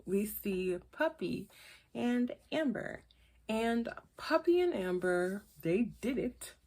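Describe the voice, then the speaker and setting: A woman casually recapping a reality show, chatty and opinionated and throwing in quick asides. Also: a little high, animated, a little mellow. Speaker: reality TV reviewer. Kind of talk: casual gossip commentary.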